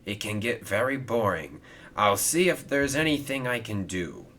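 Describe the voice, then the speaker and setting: A man's voice: on the low side, lively intonation, normal speed, a bit bright. A man voicing a kind, helpful male steam engine who speaks earnestly and reassuringly.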